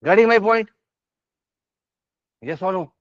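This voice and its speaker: A high, expressive male voice at a slow pace, free of room sound, delivers an exam essay lecture in Indian English. The teacher is emphatic, stumbles into many fillers and restarts, and repeatedly asks whether students follow with "yes or no?" and "is this part clear?" Audio is dry and slightly dull, lo-fi in character.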